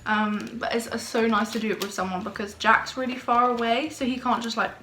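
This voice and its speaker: A woman's voice: fairly high pitch, level tone, brisk, bright, forceful tone. Bubbly young woman vlogging in a roomy bedroom. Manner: bubbly, gushing and chatty. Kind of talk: casual vlog chat. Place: bedroom at home. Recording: roomy home recording with faint noise.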